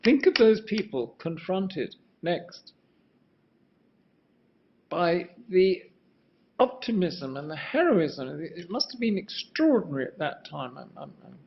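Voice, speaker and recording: A man's voice: sits high, sing-song, slow pace, creaky. An older man giving a rambling, musing lecture on architecture, often restarting his sentences and asking for the next slide. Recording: muffled lo-fi sound.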